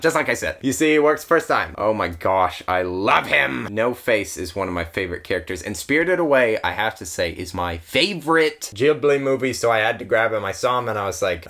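A man's voice: medium pitch, very animated, moderate pace, fairly bright tone. Giggly gushing man unboxing his haul. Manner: sentimental, easily moved. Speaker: YouTuber. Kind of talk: casual unboxing vlog.

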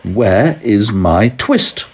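A man's voice: lowish voice, animated, moderate pace, a little mellow, husky. A man voicing a worried poor old tailor, lamenting and fretful. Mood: plaintive.

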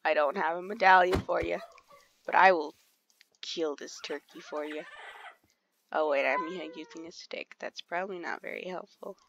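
A woman's voice: fairly low pitch, fairly even intonation, normal speed, gravelly, a bit bright, a little hiss or hum. A woman giving casual, chatty commentary while playing a game, easily startled and talking to the animals around her. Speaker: gamer streaming play. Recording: dull lo-fi sound.

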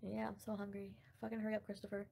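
A woman's voice: medium pitch, monotone, quick pace, gravelly, very noisy. A woman hosting a casual livestream and commenting on online drama, blunt and profane, with frequent laughter.

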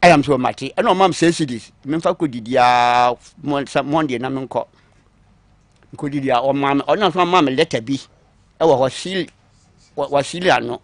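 A man recounting his own long story on a talk show, acting out what others said to him, moving between quiet asides and louder bursts. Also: mid-range voice, normal speed, dry recording. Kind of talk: call-in story telling.

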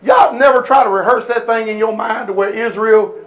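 Preacher guy w a high voice, speaks aave, yells then goes quiet, fiery sermon. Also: fairly quick. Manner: preaching loud with sudden shouts and drops. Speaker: pastor. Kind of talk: fiery call-and-response sermon.

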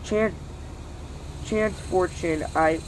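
A host reading a dictionary aloud, halting and stumbling over words, with weary sighs between entries. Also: mid-range voice, a little hiss or hum, low-quality recording.

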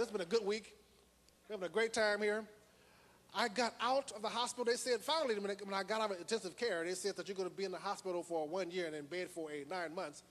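A man's voice: high-pitched, in a large hall. A man giving a motivational lecture to an audience, telling a personal story with dramatic repetition. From United States. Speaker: motivational speaker.

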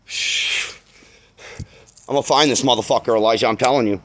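A man with a mid-range, fairly bright voice talks rapid-fire as he films himself on a phone. Shaken and angry, he swears heavily while giving an agitated first-person account of a dog attack outdoors in a parking lot.

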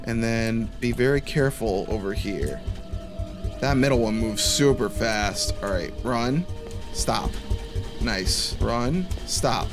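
A man's voice: mid-range voice, takes it slowly. A young man giving chatty, jumpy commentary to himself while playing a horror game. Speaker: gameplay commentator. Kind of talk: let's play commentary. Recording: faint music behind the voice.

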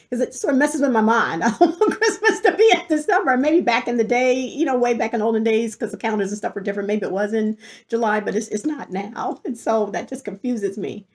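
A middle-aged woman hosting a show, telling a story in an animated way and often breaking into laughter. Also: medium pitch. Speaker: host. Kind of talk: storytelling monologue.

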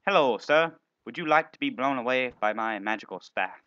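Hyper guy yelling through a game, voice jumps all over, bright and punchy, goofy trash talk. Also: mid-range voice, moderate pace, no room sound, dull audio. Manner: excitable, yelps and exclaims often; silly, playful banter at other players. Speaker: gaming video host. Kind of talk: playing and commentating a video game.

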